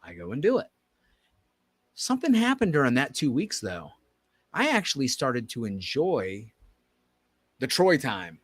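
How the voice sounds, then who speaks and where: A man co-hosting a podcast, telling a story in casual chat and acting out the quoted dialogue with lively energy. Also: mid-range voice, a little slow, pauses often, husky. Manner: animated, acts out quoted dialogue. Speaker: podcast co-host.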